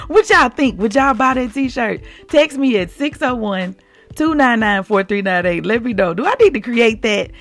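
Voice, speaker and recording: Exuberant woman with a gravelly edge. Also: fairly high pitch, animated, a little slow, soft background music. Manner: exuberant, laughing, calls out to listeners. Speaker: Christian podcast host. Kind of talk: devotional podcast talk.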